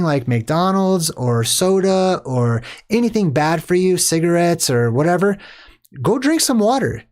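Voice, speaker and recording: A man's voice: a little high, a little mellow. A man, a father, hosting a movie commentary in a rambling monologue, lecturing his viewers in a preachy way. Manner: preachy and lecturing, with many fillers and restarts.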